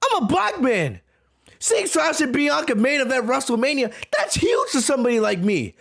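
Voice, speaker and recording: High-voiced guy ranting on his podcast, swinging all over the place, yelling at his chat. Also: sing-song, normal speed, gravelly. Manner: ranting, shouts back at viewers in chat; repeats words for emphasis. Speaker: podcast host. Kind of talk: heated wrestling review rant.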